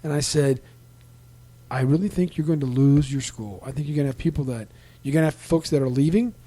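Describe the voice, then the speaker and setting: A middle-aged man hosting a casual podcast, talking in a halting, rambling way with many restarts and fillers, livening up when he quotes other people. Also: fairly high pitch, warm tone. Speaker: podcast host. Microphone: desk microphone.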